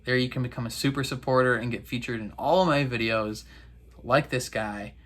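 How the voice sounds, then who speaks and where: Bright-voiced young man rambling a recap. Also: medium pitch, a little fast. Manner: rambling, many "like" fillers. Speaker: reaction video host. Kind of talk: casual recap chat.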